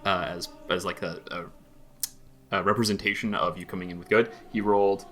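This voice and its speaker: A man's voice: low-pitched, steady tone, brisk, a bit bright. A man running a tabletop game as game master, narrating loosely with lots of fillers and restarts.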